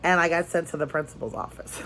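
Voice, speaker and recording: A woman vlogger telling a story in casual chat, lively and repeating phrases for emphasis. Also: sits low, fast, slight background noise. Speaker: crafting vlogger.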